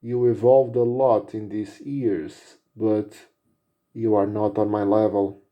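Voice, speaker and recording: A man's voice: fairly low pitch, little pitch movement, takes it slowly, muffled recording. A man voicing a proud, mocking sorceress villain in a taunting, boastful way.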